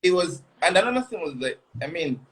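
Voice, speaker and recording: A man, a guest husband in a casual interview, speaking haltingly with restarts as he reflects on his marriage. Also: fairly high pitch, sing-song, slightly rough, rough recording. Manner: halting, many restarts and laughs.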